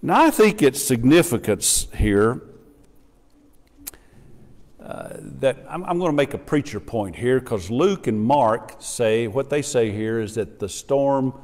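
A man's voice: mid-range voice, animated, takes it slowly, darkish tone. A middle-aged man preaches in a church, his voice rising and falling with a lot of animation. He drops into quoted voices to act out the people in his story. The sound rings out with a long hall reverb. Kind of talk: sermon. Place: church sanctuary.

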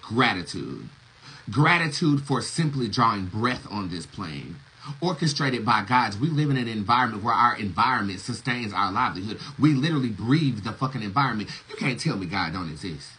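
A man preaches in a loose, casual monologue, emphatic and liberal with curses. His voice is bright and forceful, and he breaks into laughter often. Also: fairly low pitch, expressive, moderate pace, husky, poor audio. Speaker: tarot reader and spiritual teacher.

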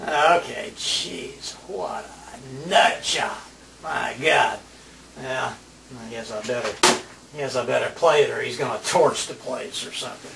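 A man's voice: mid-range voice, measured pace, vocal fry, echoey room, recorded from a distance, background noise. A man playing a radio DJ in a comedy sketch, grumbling, exasperated and sarcastic.

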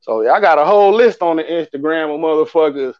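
A man's voice: a little high, quick pace, dry recording, dull audio. A man co-hosting a casual chat, talking bluntly with heavy swearing. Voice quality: profane, blunt street talk. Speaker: podcast co-host.

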